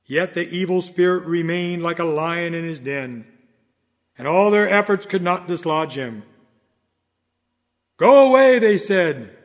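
A man preaching a sermon in a dramatic oratorical manner, swinging from loud declarations to hushed low lines. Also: in a large hall.

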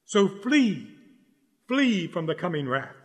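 A man preaching a sermon in an urgent, exhorting way, repeating key lines slowly for stress. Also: sits high, very animated, long reverb tail.

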